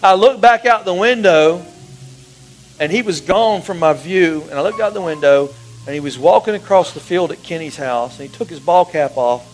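Guy preaching, fairly high voice, goes soft then loud telling a story, light music under it. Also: normal speed, low-quality recording. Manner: emotional storytelling, swings from hushed to raised. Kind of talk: sermon.

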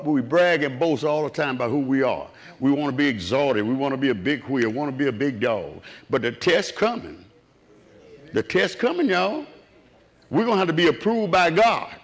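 A man preaching a sermon, swinging from low, quiet murmurs up to raised cries.

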